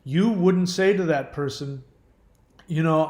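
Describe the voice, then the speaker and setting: Man, fairly high voice, earnest rambling livestream talk, fillers, echoey room. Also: slow pace, long pauses, darkish tone. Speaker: host answering viewer questions. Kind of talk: casual livestream Q&A.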